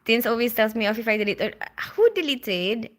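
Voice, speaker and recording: A woman's voice: fairly high pitch, animated, a little fast, fairly bright tone. A woman from the Philippines hosting a casual live stream, rambling with lots of fillers and greeting viewers by name. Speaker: livestream host.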